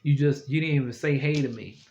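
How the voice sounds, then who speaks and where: A man of middling pitch rambles through his stories in a loose, animated vlog style, laughing easily as he goes. The recording sounds dull and lo-fi. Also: a little fast. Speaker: vlogger. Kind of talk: casual storytelling to camera.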